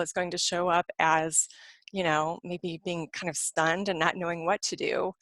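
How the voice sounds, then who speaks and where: A middle-aged woman counselor speaking at home in a lowish voice. She talks fast and rambles, with plenty of ums and restarts, in a relaxed webinar style. The sound is close and dry, with no room echo. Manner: fast, rambling conversational delivery with fillers. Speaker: clinical social worker and spiritual counselor. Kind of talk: live webinar talk.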